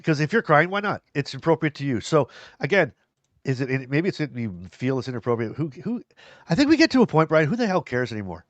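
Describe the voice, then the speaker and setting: A man's voice: on the high side, sing-song, fast talker, no echo, muffled recording. Rambling, chatty man hosting a live show. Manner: rambling, repeats himself, laughs easily. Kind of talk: casual live chat reading comments. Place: live stream.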